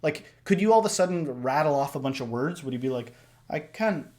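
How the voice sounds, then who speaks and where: A man hosting a casual reaction discussion, talking in an animated way that swings up and down. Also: quick pace. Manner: animated, shifts pitch and loudness a lot, acts out voices. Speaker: reaction video host.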